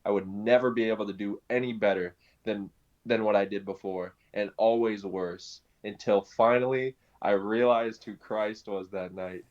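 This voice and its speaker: Low-voiced man, dull lo-fi recording. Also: normal speed. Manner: animated storyteller, laughs often, many restarts and fillers. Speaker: guest sharing his conversion testimony. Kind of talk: conversational personal testimony. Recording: dull lo-fi sound.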